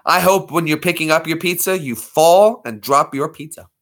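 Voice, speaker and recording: A man's voice: on the high side, normal speed, fairly bright tone. Rambling, jokey male streamer. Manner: rambling, jokey, breaks into voices. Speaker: live streamer. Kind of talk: casual stream chat.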